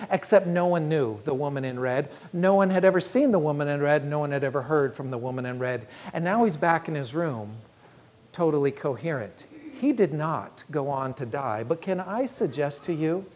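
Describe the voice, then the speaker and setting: In an earnest, measured sermon, a woman tells a story and slows down on the key phrases. Her voice sits low and sounds a little mellow.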